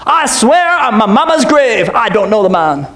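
A pastor acting out a frightened grown man who blusters that he does not know someone, dropping his voice low. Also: very animated, normal speed, a bit bright, reverberant. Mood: insistent. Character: frightened grown man denying he knows anyone.

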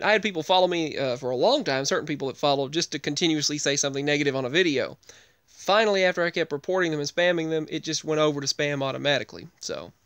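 Subdued, rambling man with a smooth voice. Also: a little high, fairly bright tone, no echo. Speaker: podcast host. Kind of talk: emotional personal talk.

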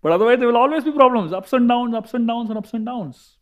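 A man with an Indian English accent giving a sermon, telling a story in a lively way with emphatic repetition. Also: very high voice, fast, phone-quality sound. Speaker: monk and speaker.

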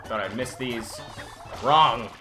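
A man's voice: fairly low pitch, expressive, moderate pace. A man giving let's-play commentary, easily frustrated, exclaiming and grumbling at the game as he plays. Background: game music.

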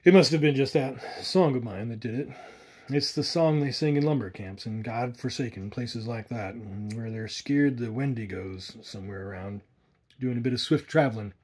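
A man voicing a grim, uneasy backwoods guide who talks in rough, hushed backwoods speech. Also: medium pitch, normal speed, close to an everyday voice.

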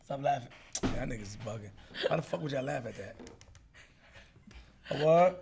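A man's voice: mid-range voice, animated, normal speed, heavy background noise. A man hosting a call-in podcast, brash and profane, laughing with callers. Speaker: podcast host. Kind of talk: casual call-in banter.

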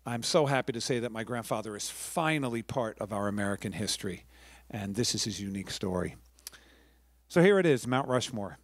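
A man's voice: medium pitch, dry recording, clean studio sound. A middle-aged man from New York, a professional storyteller giving a chatty talk to a live audience, with friendly asides and restarts.

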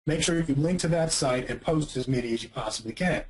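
A man giving an energetic marketing presentation, emphatic and punchy, often asking rhetorical questions. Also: fairly high pitch, brisk, poor audio.

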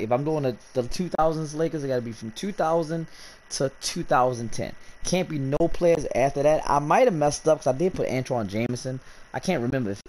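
Male gaming YouTuber host, casual slangy rambler, very lively pitch.

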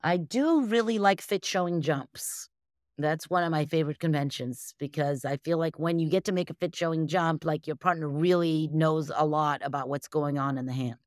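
A woman's voice: deep voice, moderate pace, no room sound, studio quality. A woman from the United States, a guest on an interview show, answering casually and rambling with lots of fillers and restarts. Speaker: guest, bridge champion.

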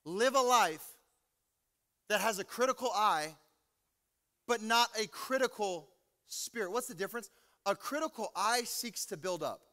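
Animated young-adult pastor, bright high voice. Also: male voice, unhurried, long pauses. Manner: animated, joking, swings from loud preaching to low asides. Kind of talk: energetic sermon. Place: large church hall. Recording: reverberant hall with music.

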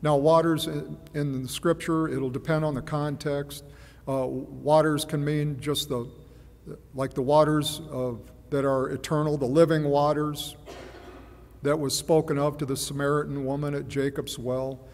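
A man preaching a sermon in a measured, musing way, often hesitating and repeating himself. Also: on the high side, level tone, gravelly, darkish tone. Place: church. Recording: long church reverb.

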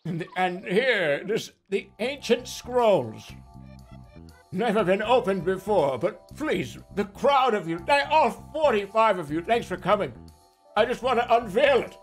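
A man's voice: high voice, sing-song, a little slow, pitched above the performer's own voice. A man voicing a pompous male presenter who addresses a small crowd in a raised, theatrical tone, over faint game music. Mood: grandiose. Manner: grandiose, theatrical.

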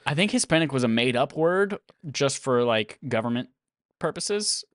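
Man, podcast host, casual chat, upbeat, laughs a lot, animated voice, dry sound. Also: mid-range voice, moderate pace, no echo. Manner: upbeat, laughs often, runs a quiz game.

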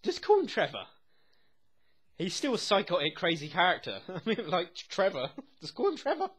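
A young man reacting to a TV episode as he watches. He talks excitedly, swears constantly and often laughs. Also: high voice, moderate pace, breathy edge. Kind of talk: live reaction commentary.

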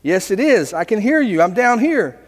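A man's voice: high-pitched, sing-song, moderate pace, long reverb tail, voice pushed up. A man voicing a desperate man hanging from a cliff, pleading frantically in a raised voice.

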